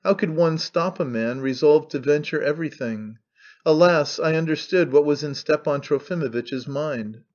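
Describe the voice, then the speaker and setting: Man narrating a classic novel, fairly high voice, kinda muffled lo-fi recording. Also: normal speed, a little mellow. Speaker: audiobook reader. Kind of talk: scripted narration.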